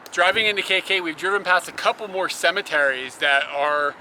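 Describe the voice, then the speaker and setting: A man's voice: high voice, a little fast, sharp tone, a little hiss or hum, rough recording. A man vlogging casually while traveling, rambling and laughing often. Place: outdoors on a motorbike trip.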